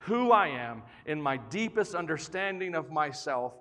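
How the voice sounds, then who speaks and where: A man preaching a sermon as pastor, playful and joking, building to energetic emphasis. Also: fairly high pitch, moderate pace. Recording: long reverb of a large hall.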